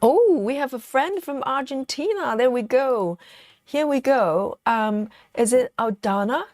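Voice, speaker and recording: A woman hosting a relaxed live stream from home, chatting with viewers and reading their comments aloud, with plenty of ums and you-knows. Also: high-pitched, unhurried, no echo, clean studio sound. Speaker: livestream host. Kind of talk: casual live chat while stitching.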